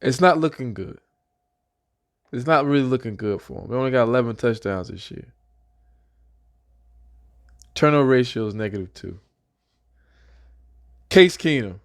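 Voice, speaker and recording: A young man excitedly giving a casual football prediction as a fan, repeating himself and speaking loosely. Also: on the low side. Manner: excited, repetitive, talks like a fan. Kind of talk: casual sports prediction vlog.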